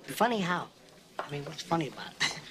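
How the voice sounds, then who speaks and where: An actor playing a menacing, hot-tempered gangster in a film scene, needling and profane. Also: male voice, on the high side, very animated, a little fast, noisy background.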